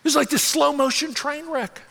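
A middle-aged man, a senior pastor, telling a self-mocking story in an animated way during a sermon. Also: very high voice, brisk, gravelly, in a large hall.

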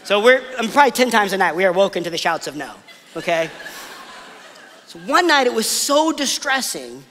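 A man preaching a sermon, telling family stories in a casual, conversational way before dropping to soft, emphatic pauses. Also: sits high, big pitch swings, big-room sound, a little hiss or hum. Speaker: pastor.

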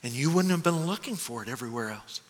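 A man voicing Jesus as gentle and loving, speaking quietly and tenderly. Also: mid-range voice, lively intonation, fast, pitched below the performer's own voice, close to an everyday voice. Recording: echoey hall.

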